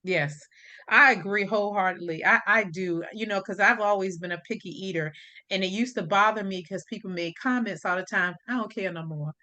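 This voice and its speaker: Bright-voiced woman podcast host. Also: medium pitch, fairly quick. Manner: relaxed, chatty, agreeing. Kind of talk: casual podcast chat.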